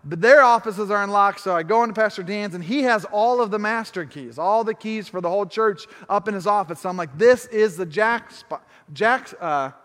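A male pastor telling a story in a sermon, animated and self-deprecating, acting out his own thoughts. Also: sits high, brisk, hardly any pauses, big-room sound.

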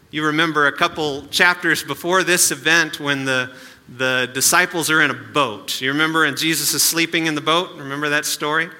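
A man's voice: fairly high pitch, sharp tone, long reverb tail. A male pastor giving a sermon in a conversational way, with asides and rhetorical questions.

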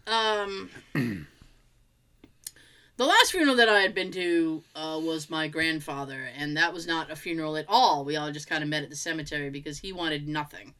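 A woman's voice: sits low, sharp tone. A woman hosting a podcast, telling stories in a loose, rambling way with frequent laughter. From United States. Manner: chatty storyteller, laughs often, loose rambling restarts. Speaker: podcast host. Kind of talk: casual chat.

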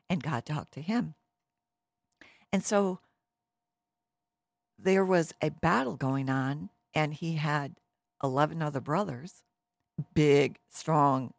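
A woman telling a Bible story in an animated, casual way, with many fillers. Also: low voice, no room sound. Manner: lively, with many fillers and restarts.

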